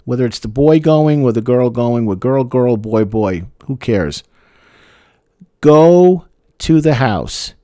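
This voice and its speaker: A man's voice: medium pitch, mellow, no room sound. A male therapist giving frank, sarcastic relationship advice and repeating words for emphasis. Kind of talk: advice talk to camera.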